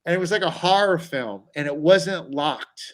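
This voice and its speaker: Animated man telling a story. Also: on the high side, moderate pace, crowd noise, rough recording. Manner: animated storyteller, acts out quoted voices. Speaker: comedian guest. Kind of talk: storytelling on a talk show.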